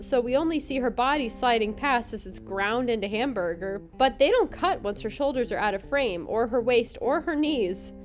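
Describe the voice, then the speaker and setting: A woman hosting a podcast, narrating a scripted comedic recap in a wry, sarcastic way. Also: fairly high pitch. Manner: wry, sarcastic, quick to laugh. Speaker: podcast host.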